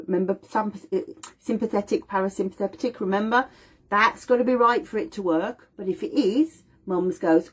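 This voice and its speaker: A middle-aged woman gives a chatty, informal lesson. Her voice is slightly husky and her pitch leaps around a lot, jumping up high whenever she acts out someone else's words. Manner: animated, acts out voices of mum and baby. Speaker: aromatherapy teacher. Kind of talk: informal lecture.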